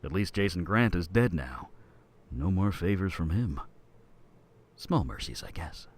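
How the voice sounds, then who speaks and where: Deep soft weary guy, flat and quiet. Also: unhurried. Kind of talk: recorded game voiceover lines.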